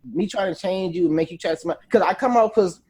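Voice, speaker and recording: A high-voiced man talks quickly on a podcast, his tone slightly husky. He tells stories in a lively way, acting out the lines of the people in them. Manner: animated, quick storytelling with acted-out quotes. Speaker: podcast co-host. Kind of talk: casual chat.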